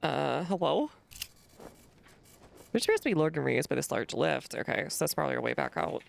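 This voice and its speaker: Wry woman gamer, low and gravelly, lively intonation, casual commentary. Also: rapid-fire. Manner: wry, thinking aloud, reads in-game text. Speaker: streamer. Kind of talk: let's play commentary.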